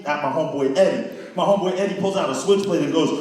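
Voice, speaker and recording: A man's voice: a little high, steady tone, fast. A man hosting a church comedy show, telling loose, slangy stand-up stories and acting out his friends' voices. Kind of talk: stand-up comedy with character bits. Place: church hall with a live audience. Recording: echoey hall, far from the mic, crowd noise. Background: audience laughter.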